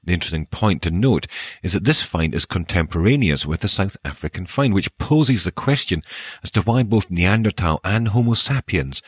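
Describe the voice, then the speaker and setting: A man with a soft Scottish accent hosting a show, reading archaeology news and dedications with wry, dry joking asides. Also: sits low, breathy edge, dry recording. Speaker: podcast host.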